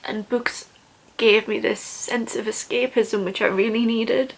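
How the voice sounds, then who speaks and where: Gushing young woman, bright-pitched. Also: steady tone, unhurried. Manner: gushing and enthusiastic. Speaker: book vlogger. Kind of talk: casual book haul vlog.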